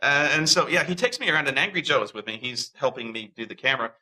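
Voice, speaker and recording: Animated man telling a story, bright voice. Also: medium pitch, fast talker, rough recording. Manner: animated, acts out quoted voices, many restarts. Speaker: interviewee. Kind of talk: casual storytelling.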